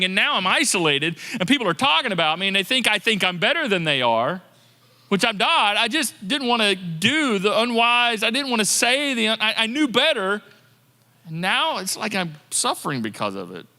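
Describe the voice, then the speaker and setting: A man preaching a sermon as pastor, in a lively, conversational manner that acts out people's complaints. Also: high voice, brisk, long reverb tail. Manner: animated, conversational preaching with quoted inner voices. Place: church sanctuary.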